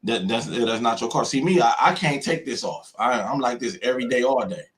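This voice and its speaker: A man's voice: mid-range voice, brisk, a bit bright. An American man hosting a live stream, talking in an emphatic, repetitive way and acting out other people's voices. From United States. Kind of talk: heated opinion talk on a live stream.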